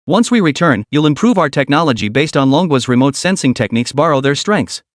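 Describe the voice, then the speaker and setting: A man's voice: on the high side, big pitch swings, a little fast, dry recording, clean studio sound. A man voicing a scheming foreign male leader who gives urgent orders. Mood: commanding. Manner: urgent commands.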